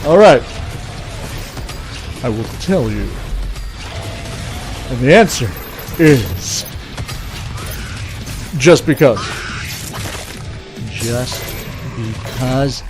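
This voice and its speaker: A man's voice: medium pitch, lively intonation, extremely slow, pauses often, a little mellow, soft background music, pitched below the performer's own voice. A man voicing an overly cheerful male customer support agent who answers in a polite, scripted way. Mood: calm, patient. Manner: polite, chipper, scripted-sounding.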